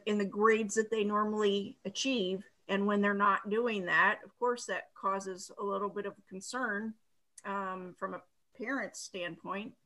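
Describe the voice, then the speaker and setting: A woman on a school board, also a parent, giving sympathetic, measured comments at a meeting. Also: mid-range voice, a bit bright, rough recording.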